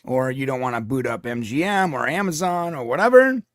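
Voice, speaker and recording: A man's voice: mid-range voice, a little fast, no echo, clean studio sound. Chatty man hosting a live watch-along. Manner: laughs often, chatty and animated. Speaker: stream host.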